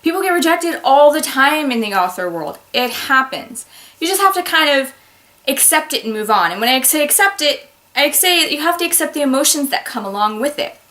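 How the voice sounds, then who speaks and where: Woman author, higher-pitched voice, expressive and chatty, speaking to camera at home. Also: a little fast. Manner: animated and expressive, with sudden loud exclamations. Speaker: author giving advice. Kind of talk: casual talk to camera. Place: home office.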